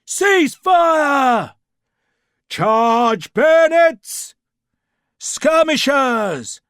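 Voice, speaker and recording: Lively male audiobook narrator. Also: mid-range voice, breathy edge, no echo, studio quality. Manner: vivid, dramatic storytelling. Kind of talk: scripted narration.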